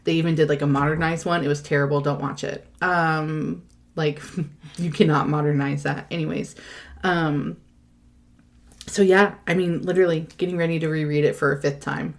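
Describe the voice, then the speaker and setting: Gushing, low-voiced woman podcast co-host. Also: steady tone. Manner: gushing, talks fast then drawls, emotional. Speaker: podcast co-host, library staff. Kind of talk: casual chat.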